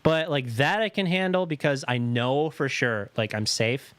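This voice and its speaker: On a dry recording with a clean tone, a podcast co-host talks at normal speed in a medium-pitched voice. His casual storytelling is animated and full of swearing, and he acts out the voices of the people he quotes.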